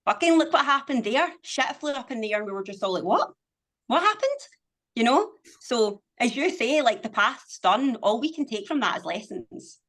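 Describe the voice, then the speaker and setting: A woman's voice: on the high side, animated, a little fast, few pauses, fairly bright tone. Woman on a podcast, fired up and motivational, swears a lot. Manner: emphatic, motivational, swears freely. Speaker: podcast guest, business owner. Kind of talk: casual conversation.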